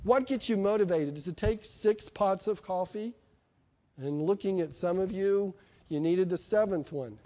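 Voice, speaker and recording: A middle-aged male preacher delivers a sermon in a conversational, emphatic style. He often turns to the congregation with questions. His voice is fairly high and mellow. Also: a little slow.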